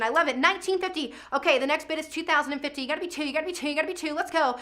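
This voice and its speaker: A woman with a high, bright, sharp voice hosts a charity auction from a studio. She talks fast and chatty, cheering on bidders by name and pushing the next bid. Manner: energetic, chatty, calls out bidders' names. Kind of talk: live virtual auction calling.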